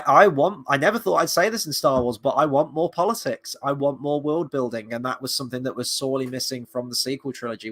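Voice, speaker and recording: An eager, opinionated man talking through his thoughts on a show in a relaxed live-stream review. His voice sits at an ordinary middle pitch and he thinks aloud as he goes. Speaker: film and TV reviewer.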